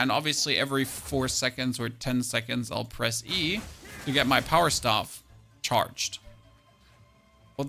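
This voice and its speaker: A man's voice: mid-range voice, bright, forceful tone. A young man streaming a game, thinking aloud about his build and thanking viewers in a chatty way. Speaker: gaming streamer. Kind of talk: live-stream gameplay commentary.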